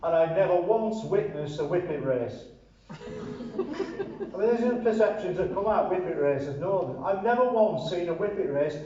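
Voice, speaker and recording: An older northern English man offers dry, sardonic commentary and reads his own poetry in a high-pitched, sing-song, mellow voice at a moderate pace. The mic sounds distant and muffled in a roomy space, with faint ambience and slight background noise.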